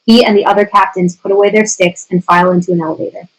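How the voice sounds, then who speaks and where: A woman's voice: medium pitch, level tone, quick pace, rough recording. A woman steadily reading the stage directions aloud at a screenplay table reading.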